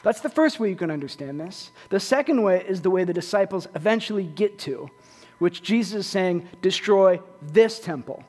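A man preaching a sermon in a lively, animated way, with joking asides to the congregation. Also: sits high, brisk. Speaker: pastor. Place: church sanctuary. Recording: long reverb in a church hall.

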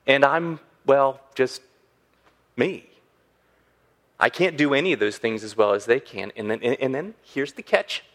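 A man preaching a sermon as a pastor, animated and acting out the voices he quotes. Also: medium pitch, brisk, hardly any pauses.

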